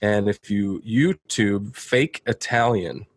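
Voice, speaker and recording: A man chatting casually as a podcast guest, telling stories in a relaxed way and laughing often. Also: fairly low pitch, slow, dry recording. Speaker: podcast guest, studio engineer. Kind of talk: casual chat.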